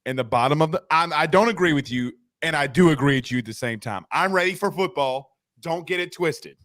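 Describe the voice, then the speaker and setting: A man, hosting a sports talk show, telling stories in an animated, joking way. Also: on the high side, quick pace, no room sound, clean studio sound.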